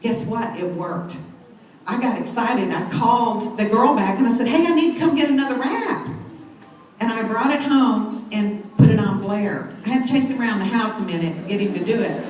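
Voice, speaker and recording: Her voice sits on the high side, a little mellow, moving at normal speed and heard from a distance. The middle-aged woman is on stage giving a motivational talk, sharing an enthusiastic story with a sales-event crowd; the hall is very echoey, the mic set back, and there's faint noise.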